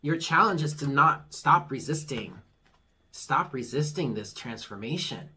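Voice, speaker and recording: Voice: mid-range voice, lively intonation, unhurried, sharp tone, husky. A tarot reader giving a casual monthly reading, talking frankly, swearing freely and reassuring the listener. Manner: laughs at own jokes.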